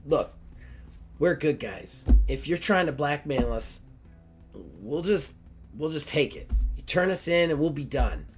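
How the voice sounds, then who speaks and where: A man's voice: a little high, sing-song, a little slow, soft background music, voice pushed up. A man doing a wary pit bull tough guy. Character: gruff male pit bull mutant, wary good guy.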